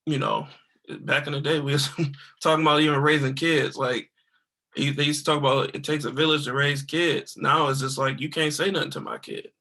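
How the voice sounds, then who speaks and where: A man hosting a casual podcast chat, animated and opinionated, using slang. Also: fairly high pitch, a little fast.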